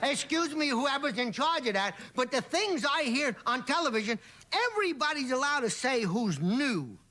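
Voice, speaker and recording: An older comedian chatting as a talk show guest, telling jokes in a broad style and dropping into character voices. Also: male voice, extremely high pitch, lively intonation, moderate pace, pushed and bright. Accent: New York. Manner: broad joke-teller who drops into character voices. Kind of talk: joke-telling chat. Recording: 1980s TV broadcast with faint hiss.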